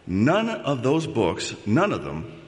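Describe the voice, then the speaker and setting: A man's voice: medium pitch, wildly swooping pitch, takes it slowly. A man preaching a sermon as a pastor, talking conversationally and often checking in with the congregation. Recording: long reverb of a large hall.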